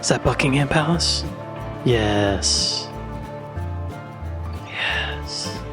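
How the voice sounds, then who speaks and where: A man hosting a reaction video. He talks in a playful, joking way and often drops into soft whispered asides. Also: medium pitch, expressive, very slow, over music. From United States. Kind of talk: casual reaction commentary.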